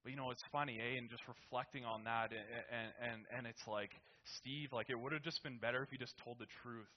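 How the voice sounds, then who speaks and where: A man's voice: mid-range voice, fairly even intonation, fairly quick, a little hiss or hum. A young man telling a family anecdote casually, rambling with restarts and tag questions, on a dull lo-fi recording. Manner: rambling with many restarts and "right?". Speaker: storyteller.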